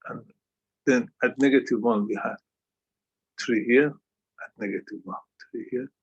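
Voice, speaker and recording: A man tutoring calculus online, walking a student through a graph. His voice is husky and mid-pitched, and he keeps asking "yeah?" and "makes sense?". The audio is dull and lo-fi, like a video call. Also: steady tone, unhurried. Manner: repeats "yeah?" to check understanding. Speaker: math tutor.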